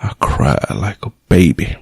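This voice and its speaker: A man's voice: low-pitched, sing-song, unhurried, gravelly, darkish tone, breathy edge, no room sound, studio quality. A middle-aged man, a radio show host, telling a personal story in a plainspoken, emotional way, blunt and cursing at times.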